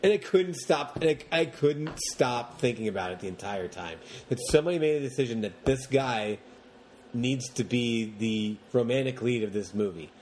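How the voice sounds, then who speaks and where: A man co-hosting a podcast, chatting casually about movies in long, animated rants and mocking the characters as he goes. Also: medium pitch, moderate pace, slight background noise. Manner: rambling, animated rants with mocking put-on quotes. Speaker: podcast co-host.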